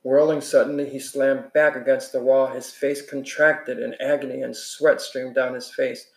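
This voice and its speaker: A man's voice: medium pitch, little pitch movement, normal speed, vocal fry, few pauses, a little mellow. A man reading a novel aloud in an earnest way, sometimes restarting a phrase. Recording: echoey room.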